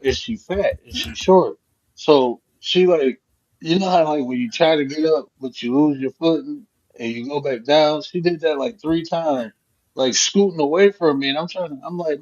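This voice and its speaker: A man hosting a casual live chat, telling a profane, animated story. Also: a little high, moderate pace. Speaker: host. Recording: dull lo-fi stream audio.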